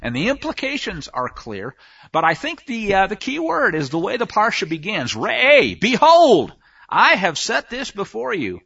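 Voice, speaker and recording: A man's voice: high-pitched, very animated, normal speed, creaky, sharp tone, breathy edge, muffled recording. A man preaching a sermon on scripture, emphatic, often asking the listeners rhetorical questions. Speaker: Bible teacher.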